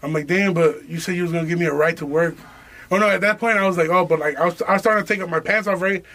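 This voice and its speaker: High-voiced young man telling a story. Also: rapid-fire, pushed and bright. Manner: profane, slangy, laughing storyteller. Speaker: podcast host. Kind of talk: casual storytelling chat.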